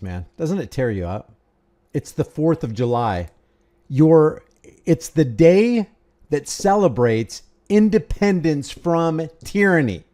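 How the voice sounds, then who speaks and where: Sarcastic man with a lively voice. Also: a little high. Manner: sarcastic, indignant. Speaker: commentator. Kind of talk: reaction commentary on video.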